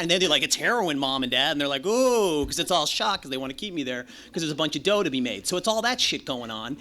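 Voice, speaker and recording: A man's voice: a little high, lively intonation, quick pace, hardly any pauses, pushed and bright. A man sharing his own recovery story as a speaker at a meeting, candid and profane, joking and acting out the voices of others. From Los Angeles. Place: meeting room.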